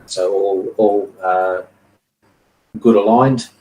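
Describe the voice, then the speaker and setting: A man narrating as game master of a tabletop game, halting and filling pauses with ums and uhs. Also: fairly low pitch, fairly even intonation, darkish tone, far from the mic, a little hiss or hum. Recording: echoey room.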